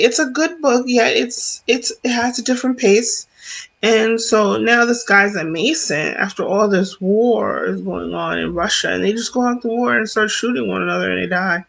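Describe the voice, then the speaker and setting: A woman's voice: mid-range voice, normal speed, gravelly, a bit bright. A woman vlog host chatting casually about books, rambling and correcting herself as she goes, with frequent laughs.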